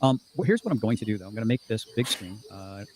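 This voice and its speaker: A man hosting a livestream who talks at a rapid clip, reads out chat comments and swears freely as he pushes back at critics. There is a faint hum of crickets and outdoor ambience behind him. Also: fairly low pitch, animated, a little mellow. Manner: fast, profane, combative. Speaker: livestream host.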